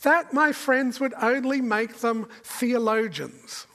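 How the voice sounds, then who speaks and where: A woman preaching a sermon in a slow, deliberate way, asking the listeners many rhetorical questions. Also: fairly high pitch, a bit bright. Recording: long reverb of a large hall.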